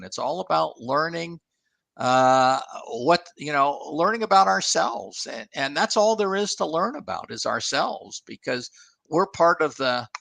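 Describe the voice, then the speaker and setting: Older male guest, gravelly and bright-toned, dry close mic, halting and reflective. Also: fairly high pitch, no echo. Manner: halting, many restarts and fillers, thoughtful. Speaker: guest, former engineer and author. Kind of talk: casual interview talk.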